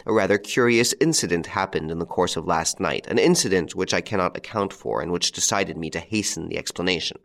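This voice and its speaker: A stern count addressing his wife with cold, jeering insolence, as a man voices him in a storybook reading. The voice is very deep and measured. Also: vocal fry, a bit bright.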